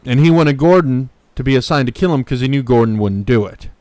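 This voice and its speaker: A man's voice: medium pitch, animated, a little fast, warm tone, dry recording. A man co-hosting a podcast, casually recapping a TV episode in a rambling way full of fillers and restarts. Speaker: podcast co-host. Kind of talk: casual chat.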